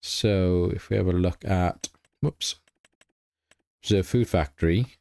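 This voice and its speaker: A middle-aged man with a slightly low voice narrates his farming game at an unhurried, easygoing pace. He chats casually and thinks aloud, like a let's play host speaking into a desk mic. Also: creaky, warm tone, dry recording.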